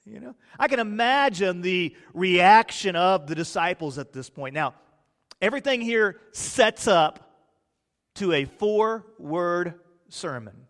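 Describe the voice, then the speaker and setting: A man preaching a sermon, swinging from hushed, drawn-out words to loud, excited bursts as he acts out the disciples' panic. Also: high voice, in a large hall.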